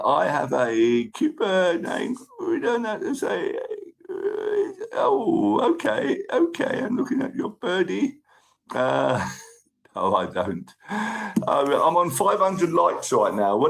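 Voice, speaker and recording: A British man hosts a casual livestream, chatting his way through viewer comments. His voice is croaky, with a gravelly edge. His pitch bounces around animatedly as he gets a little overexcited. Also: wildly swooping pitch, takes it slowly. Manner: chatty and upbeat, easily overexcited. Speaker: livestream host.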